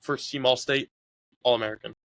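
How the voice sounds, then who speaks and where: A man's voice: mid-range voice, fairly even intonation, fairly quick, creaky, fairly bright tone, dry recording. A young man being interviewed about his sports years, talking in an easygoing, rambling way with lots of fillers. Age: young adult. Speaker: guest, college soccer player. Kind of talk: casual interview talk.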